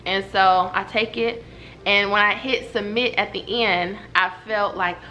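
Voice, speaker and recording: A woman, telling a story to her viewers at home in a lively, chatty way. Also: medium pitch, a little slow, a little hiss or hum. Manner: animated, chatty, talks straight to viewers. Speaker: vlogger. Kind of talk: casual storytelling to camera. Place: at home indoors.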